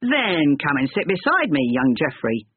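A man voicing a gruff, wealthy older man in a storybook reading, hearty and shrewd, on a tinny narrow-band recording. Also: on the high side, wildly swooping pitch, a little slow, no echo, full character voice.

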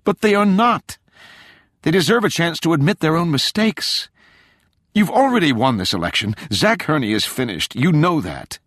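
A man's voice: mid-range voice, sing-song, normal speed, fairly bright tone, husky, no echo, clean studio sound, voice pushed up. A man reading an audiobook, voicing a young woman who angrily confronts her scheming father. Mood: angry, pleading. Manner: urgent, accusing, raised voice. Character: young woman, defiant and furious daughter.

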